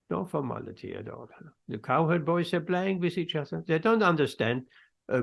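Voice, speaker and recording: A man teaching a scripture class, telling stories in an unhurried way with pauses mid-phrase and acting out the quoted voices. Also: mid-range voice, creaky. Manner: storytelling, acts out quoted voices. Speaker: spiritual teacher.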